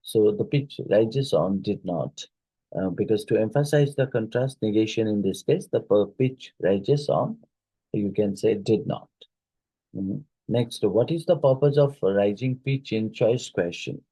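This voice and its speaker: A man's voice: fairly low pitch, a little slow, mellow, husky, dry recording, rough recording. A male teacher going through exam questions, reading each one aloud and then reasoning out the answer. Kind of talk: exam question review lesson.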